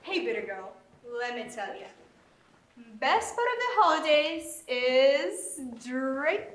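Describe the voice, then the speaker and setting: A woman's voice: sits high, big pitch swings, slow pace, exaggerated voice. A woman playing a fussy hostess at a holiday party in a stage comedy sketch, chatty and fussing. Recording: echoey room.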